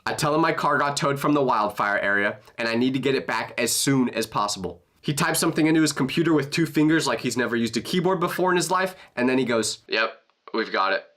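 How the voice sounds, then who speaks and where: A young adult man narrating a comedic storytime in an animated, expressive, jokey way. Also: medium pitch, fast, hardly any pauses.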